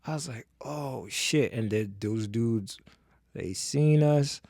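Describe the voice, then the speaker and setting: Gravelly man telling a story, podcast. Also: on the low side, slow pace, no echo, clean studio sound. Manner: animated, profane, acts out the people in his stories. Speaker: podcast guest. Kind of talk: casual storytelling.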